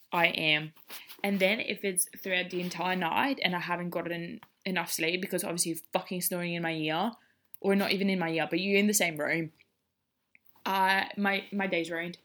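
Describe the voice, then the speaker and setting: A woman's voice: fairly low pitch, moderate pace, fairly bright tone. A young woman hosting a solo podcast, ranting in a blunt, profane and sarcastic way. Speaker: podcast host. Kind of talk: casual ranting monologue.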